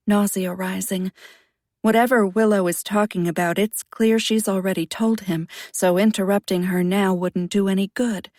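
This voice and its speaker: Woman narrator, husky, low, hushed and measured, dry close sound. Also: dry recording. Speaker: audiobook narrator. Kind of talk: first-person thriller narration.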